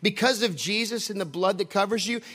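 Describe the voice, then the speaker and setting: A man's voice: high-pitched, fairly quick, a bit bright. A man preaching a sermon to a congregation from a stage, passionate and emphatic, repeating phrases and at times half-singing his lines.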